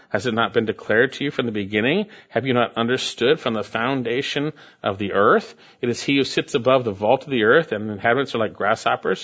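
A man preaching a sermon, reading scripture quietly and rising to loud, high emphatic bursts. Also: lo-fi sound. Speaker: pastor.

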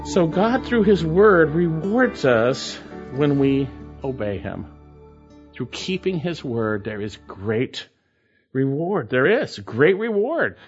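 A male pastor preaching a sermon with emphatic repetition and sweeping rises in pitch, on a dull lo-fi radio recording. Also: very animated, slow pace, soft background music.

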